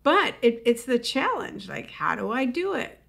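A woman who is a comedian and public speaking coach, talking in a podcast interview and acting out punchlines with high whoops. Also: measured pace, vocal fry. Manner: animated storyteller acting out quips with high whoops.

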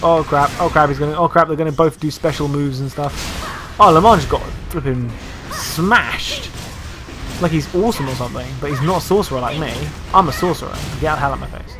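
A man's voice: fairly high pitch, fairly quick, a bit bright, faint music behind. A man giving casual, joking and sarcastic commentary while playing a video game. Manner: joking, sarcastic, self-mocking. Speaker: gameplay commentator.

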